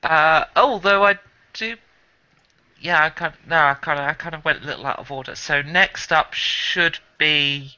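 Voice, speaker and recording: A man runs a tabletop game as game master, his voice very bright and a touch high. He laughs often and pokes fun at himself. The recording is dull and lo-fi. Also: moderate pace, smooth. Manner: laughs often, self-mocking.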